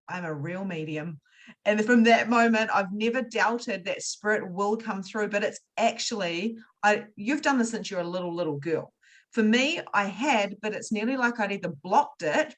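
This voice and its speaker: A woman hosting an interview, telling stories lively and acting out the dialogue in a casual chat. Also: mid-range voice. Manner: lively storyteller, acts out dialogue. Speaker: interview host.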